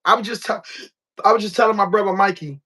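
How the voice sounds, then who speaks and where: A Baltimore man with a high, bright voice, ranting on a podcast. He talks with a Baltimore accent, curses a lot and hammers his points home by repeating them. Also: fast, slightly rough. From Baltimore, USA. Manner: profane, emphatic, repetitive. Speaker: podcast host. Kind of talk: casual rant.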